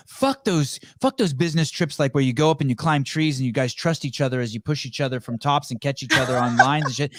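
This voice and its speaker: A man hosting a podcast, joking and swearing, slipping into loud mocking voices. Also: mid-range voice, quick pace, hardly any pauses, a little hiss or hum. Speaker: podcast host. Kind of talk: casual podcast banter.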